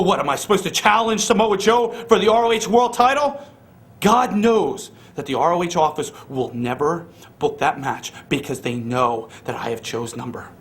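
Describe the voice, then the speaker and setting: A man cutting a wrestling promo, boasting loudly and then sinking into low, menacing whispers.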